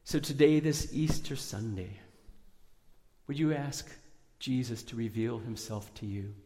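A man pastor giving an Easter sermon in a church, earnest and prayerful, pushing up for emphasis and then going soft. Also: mid-range voice, a little slow, in a large hall, a little hiss or hum.

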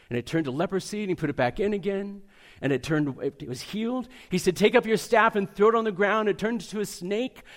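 Man, preacher, sermon, earnest, fairly high voice, long reverb. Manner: earnest, varies pace and loudness for emphasis.

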